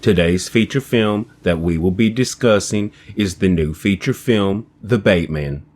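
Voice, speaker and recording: A man playing a prim, prudish movie critic who gives a deadpan review on local TV. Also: low-pitched, measured pace, soft background music.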